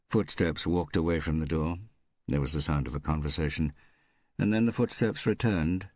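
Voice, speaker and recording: A man narrating a crime audiobook in a steady, unhurried, scripted reading. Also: a bass voice, no echo, studio quality.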